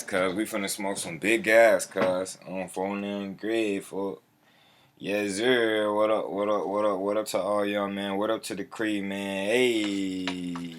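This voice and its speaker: A man with a fairly low voice hosts a relaxed livestream. He talks in loose slang, cycles through the same catchphrases again and again, and greets his viewers one by one by name. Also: slight background noise. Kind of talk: casual livestream chat.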